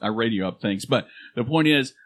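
A man's voice: medium pitch, lively intonation, moderate pace, a bit bright. A man co-hosting a podcast in casual chat, with a projected radio-style delivery and frequent restarts. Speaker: podcast co-host. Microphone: studio microphone.

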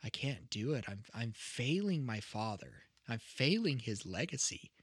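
A man's voice: mid-range voice, sing-song, a little slow, husky, no echo, studio quality. A man voicing a distraught young woman who blames herself, in his own plain voice. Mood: despairing. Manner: despairing, self-blaming. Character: distraught young woman hero full of guilt.

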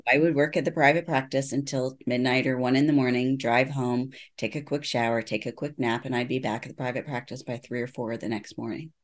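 A woman's voice: very deep voice, steady tone, a little fast, hardly any pauses. Earnest woman telling her story. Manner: earnest storytelling, acts out quoted dialogue. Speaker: guest, neuropsychologist. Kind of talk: personal testimony in interview.

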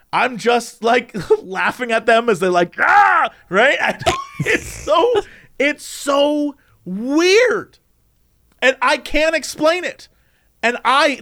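A man in casual conversation, recounting a strange recurring dream with lively delivery and frequent laughs. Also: sits high. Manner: animated, acts out quoted voices, laughs often. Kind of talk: casual storytelling chat.

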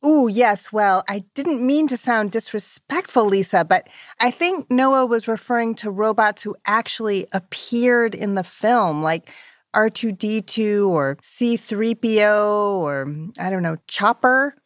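A woman's voice: mid-range voice, measured pace, dry recording, clean studio sound. A woman hosting a kids' podcast game show in a playful, punning way, laughing easily.

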